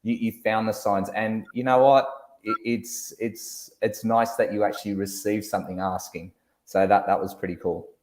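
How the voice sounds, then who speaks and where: A man hosting a casual chat, joking and telling animated stories. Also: on the low side, normal speed, echoey room. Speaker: host.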